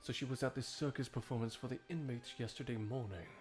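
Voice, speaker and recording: Dude voicing a calm formal prosecutor guy, dry and measured. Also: mid-range voice, soft background music, natural voice. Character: composed, formal male prosecutor. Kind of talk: game voice-over dub.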